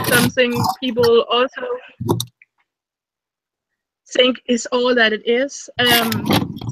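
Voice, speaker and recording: A woman in her thirties talks casually as co-host of a live stream. Her voice is bright and sits a little high. The sound is dry, with no room echo, and she often repeats a word as she gets going. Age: 30s. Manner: chatty, repeats words when starting thoughts.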